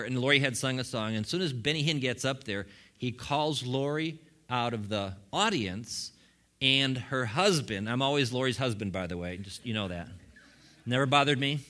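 A middle-aged man preaching a sermon, telling his story in an animated way with humorous asides. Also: mid-range voice. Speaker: pastor. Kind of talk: sermon testimony.

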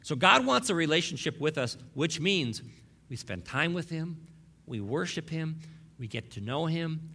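A man's voice: fairly high pitch, very animated, a little slow, pushed and bright, slightly rough. A man preaching a sermon as pastor, emphatic and fond of repeating key lines, with wry asides to the congregation.

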